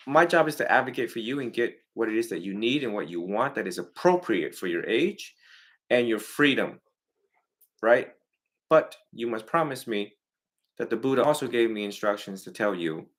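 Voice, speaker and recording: A man gives a family counseling talk at a middle pitch. His delivery is animated, swinging between loud bursts and quiet asides. He acts out parents and kids as he goes. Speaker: Buddhist monk counseling a family.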